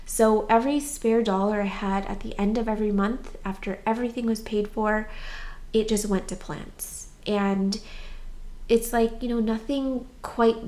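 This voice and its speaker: A woman's voice: on the high side, fairly even intonation, unhurried, a little mellow. A young woman talking candidly in a personal vlog, stuffy and congested after crying, rambling with many fillers. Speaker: vlogger.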